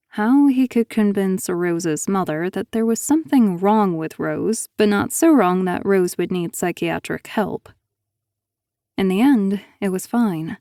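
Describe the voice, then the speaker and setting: A woman narrating an audiobook thriller in a steady, even storytelling manner on a close mic. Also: fairly low pitch, no echo.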